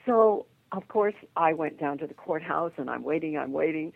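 An older woman with a gravelly, deep voice tells a story with lively energy. She is heard over a thin, tinny phone line. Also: normal speed, dry recording. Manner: lively narration with acted quotes and laughter. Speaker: psychic guest. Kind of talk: animated storytelling.

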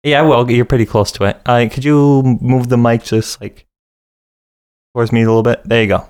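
A man with a Midwestern American accent chats loosely at home in a bedroom, his voice smooth and resonant. He rambles through ideas with plenty of ums and likes. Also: medium pitch, fairly quick. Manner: relaxed, rambling, many fillers. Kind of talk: casual chat.

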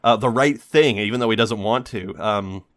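A man's voice: on the low side, moderate pace. A man hosting a podcast, giving a rambling, sarcastic critique with lots of fillers. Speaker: podcast host. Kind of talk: casual critique monologue.

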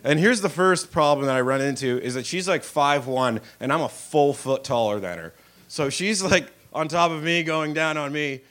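This young stand-up comic has a slightly high, somewhat bright voice and a moderate pace. Performing for a live comedy club audience, he mocks himself crudely and plays out characters' voices as he tells his stories.

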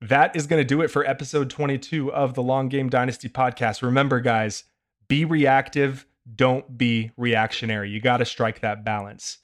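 A man's voice: mid-range voice, moderate pace. Opinionated man hosting a podcast. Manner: opinionated, animated. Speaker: podcast host. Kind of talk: casual podcast chat.

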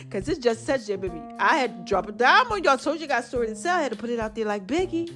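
Lively high-voiced woman giving casual motivation. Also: very fast, few pauses, over music. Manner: playful, preachy, breaks into sung lines and laughs. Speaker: vlog host.

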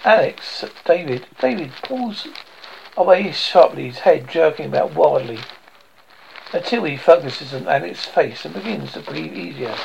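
A man reading a screenplay aloud, stage directions included, in a plain, halting way. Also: on the high side, expressive, vocal fry, a little hiss or hum, poor audio. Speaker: script reader.

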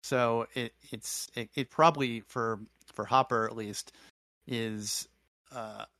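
A man co-hosting a podcast, recapping a show in a thoughtful, halting way with many restarts. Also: medium pitch, steady tone, pushed and bright, no echo. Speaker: podcast co-host. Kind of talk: casual recap chat.

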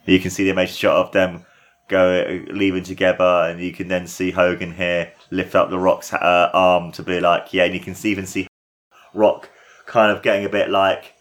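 A man with a lowish voice, hosting a casual watchalong. He gushes and gets excited, and his sentences run on with "like" and "you know". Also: normal speed. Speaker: podcast host.

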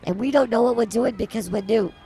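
A woman's voice: fairly high pitch, quick pace, warm tone, soft background music. A woman co-hosting a comedy podcast, teasing and rambling through improvised banter. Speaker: podcast co-host.

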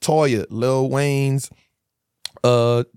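A man's voice: mid-range voice, very slow, clean tone, no room sound, studio quality. A man speaking as a podcast guest, telling stories from his life in a casual, emphatic way, acting out quotes and leaning on "bro". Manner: animated, emphatic storytelling with frequent "bro". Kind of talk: casual storytelling interview.

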